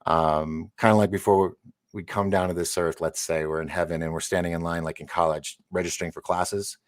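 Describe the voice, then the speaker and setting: A man's voice: sits low, a little fast. A man hosting a live interview show, telling long stories in casual chat with frequent laughs and restarts. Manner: animated storyteller, laughs and restarts often. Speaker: show host.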